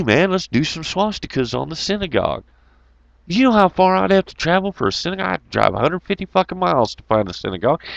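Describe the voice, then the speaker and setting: A middle-aged man rants into a dry, close mic. His pitch swings all over as he curses, scoffs and mocks, and he sounds heated and profane. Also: creaky, a bit bright, no room sound, muffled recording. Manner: swearing, heated and mocking, breaks into laughs. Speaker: host of an online talk show. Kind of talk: profane ranting monologue.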